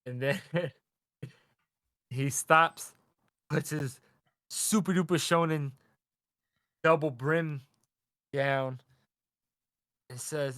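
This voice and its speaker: A man's voice: fairly high pitch, no room sound. Casual podcast man, acts out the characters, dry close sound, swears a lot. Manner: animated, swearing, acting out characters in quick voices. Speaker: podcast co-host. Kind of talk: casual chat recapping a manga chapter.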